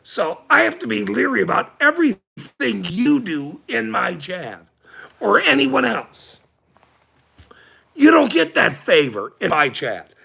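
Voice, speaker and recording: Gravelly, sharp-voiced man ranting at chat. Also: high-pitched. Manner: profane and combative, with frequent laughs. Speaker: livestream host.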